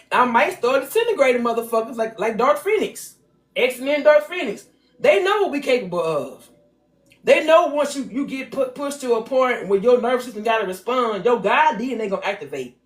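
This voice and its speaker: A woman's voice: high voice, lively intonation, moderate pace. Fired-up woman ranting on a livestream. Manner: blunt, profane, fired-up. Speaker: livestream host. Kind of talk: heated livestream rant. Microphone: phone on a stand. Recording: echoey room with faint music.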